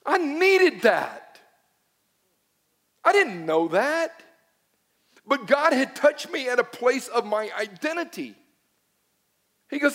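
A middle-aged man preaches, telling his own story with dramatic swings from near-whispers to shouts. His voice sits high for a man. The sound carries the long reverb of a large hall. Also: big pitch swings, slow pace, pauses often. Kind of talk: sermon.

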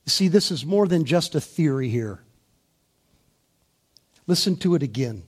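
Slow, intense male preacher. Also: fairly high pitch, animated, husky. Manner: swings from soft, hushed lines to loud, rising emphasis; slow, deliberate delivery with drawn-out key words. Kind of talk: sermon.

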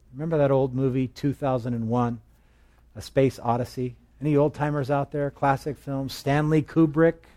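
A man gives a relaxed, conversational Bible teaching at a middle pitch. He keeps turning to his listeners with questions and slips jokes in between the verses. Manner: chatty, asks the listeners questions, tells jokes.

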